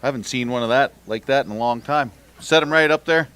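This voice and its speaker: A man at mid pitch runs a fishing tournament weigh-in. He calls out weights and banters with the anglers in a joking, upbeat way. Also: quick pace, fairly bright tone, clear, resonant tone. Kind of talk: live announcing and bantering with anglers.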